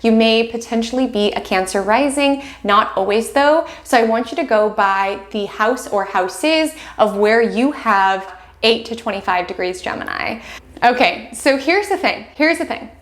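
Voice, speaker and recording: A young adult woman hosting an astrology video, talking gently and reassuringly straight to her viewers. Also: fairly high pitch, lively intonation, normal speed, echoey room. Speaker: astrology channel host. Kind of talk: direct-to-camera astrology forecast.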